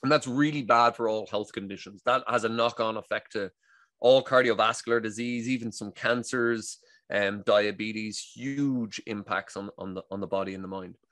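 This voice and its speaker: A man's voice: lowish voice, moderate pace, dry recording. Irish man telling stories in a dry-sounding interview. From Ireland. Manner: animated, acts out quoted dialogue, frequent restarts. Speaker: guest, breath coach. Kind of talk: casual interview storytelling.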